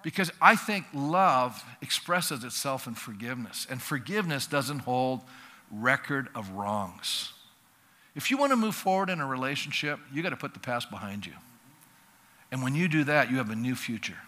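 A male pastor preaching a sermon in a lively, conversational way, acting out little dialogues for the congregation. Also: medium pitch, normal speed. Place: church sanctuary. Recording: long reverb of a church hall.

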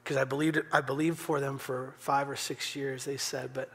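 A man preaching a sermon as pastor, earnest, rising to urgent emphasis and dropping to a hushed near-whisper. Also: mid-range voice, fairly even intonation, normal speed, slight background noise. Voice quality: gravelly, husky. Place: church sanctuary.

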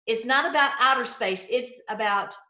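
A middle-aged woman with a fairly high voice preaches from scripture, reading a verse and then pressing the point with repeated lines. She breaks into excited exclamations. The room around her is echoey and reverberant. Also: normal speed. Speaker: online Bible teacher.

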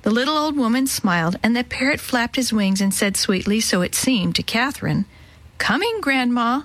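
A woman tells a children's story with gentle expression, her voice sitting a little high. The sound is dry and close, with no room around it. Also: expressive, brisk, no echo, poor audio.

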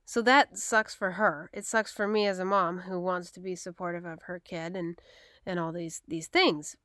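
Frustrated mother, 30s, frank storytelling, crisp dry voice. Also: fairly low pitch, fairly even intonation, normal speed, fairly bright tone, no echo. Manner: upset, frank, retelling dialogue with emphasis. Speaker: mother telling a personal story. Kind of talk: casual personal storytelling.

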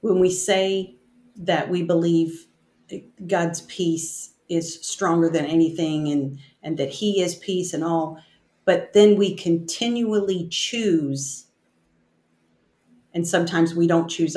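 A woman leading a casual bible study discussion, reading scripture aloud and talking it through in halting, restarting sentences. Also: on the low side, dark tone. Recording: roomy echo.

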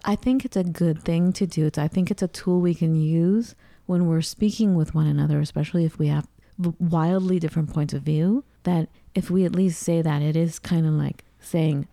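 A woman's voice: sits low, moderate pace, gravelly, dark tone, dry recording. A woman co-hosting a casual talk show from a home kitchen, chatty, gushing and playful. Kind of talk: casual chat.

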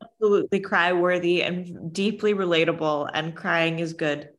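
Low-voiced reassuring woman facilitator. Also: fairly even intonation, moderate pace. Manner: encouraging, reassuring. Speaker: workshop facilitator. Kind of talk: casual group coaching.

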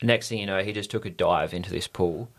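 Easygoing Australian man, lowish voice. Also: brisk, a bit bright. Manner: easygoing, rambling with many fillers. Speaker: podcast guest, stunt rider. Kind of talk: casual storytelling.

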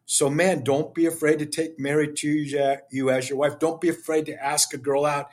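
A man's voice: fairly high pitch, normal speed, hardly any pauses. An older man as a podcast guest, speaking with passion in an emphatic, preachy way. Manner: emphatic, preachy, acts out dialogue. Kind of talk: impassioned interview talk.

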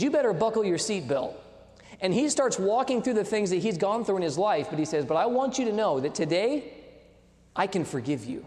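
A man in his thirties preaches a sermon, telling a story with quoted dialogue and putting questions to the congregation. His voice is high with a darkish tone, and the recording carries a long hall reverb.

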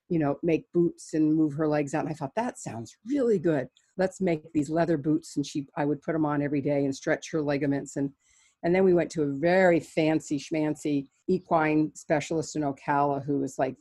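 Animated older woman telling stories. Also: low-pitched, no echo, clean studio sound. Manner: animated, with frequent restarts and laughs. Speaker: veterinarian guest. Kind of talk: conversational storytelling.

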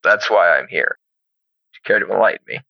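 A man voicing a calm, stern male church inquisitor who speaks in a measured, cold way. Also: deep voice, gravelly, no room sound, lo-fi sound, full character voice.

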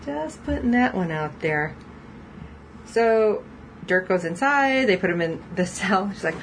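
A woman's voice: medium pitch, expressive, a little slow, a little hiss or hum, low-quality recording. A woman co-hosting a casual podcast, recapping a TV episode in a chatty way and laughing often as she quotes the characters. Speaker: podcast co-host.

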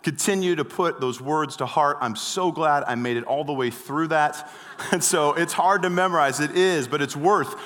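A pastor preaching a sermon, welcoming the congregation and reciting scripture in a bright, forceful voice set a little high. The sound rings with a long hall reverb. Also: male voice, normal speed.

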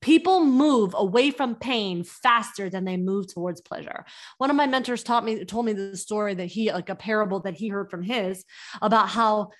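A young adult woman hosting a podcast, coaching business owners in an energetic way and firing off rhetorical questions. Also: mid-range voice, moderate pace. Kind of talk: teaching podcast talk.

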